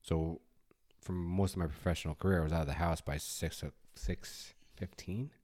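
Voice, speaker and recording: A man's voice: sits low, normal speed. A man in his forties co-hosting a podcast about fatherhood, telling stories casually and acting out his own scolding. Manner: animated storyteller, acts out his own scolding. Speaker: podcast co-host. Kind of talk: casual chat.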